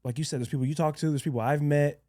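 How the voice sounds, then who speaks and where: A man's voice: fairly high pitch, fairly even intonation, rapid-fire, warm tone, no room sound, studio quality. A man hosting a podcast, reflecting supportively on the guest's story in casual interview chat. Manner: supportive, reflective, short affirmations. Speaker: podcast host.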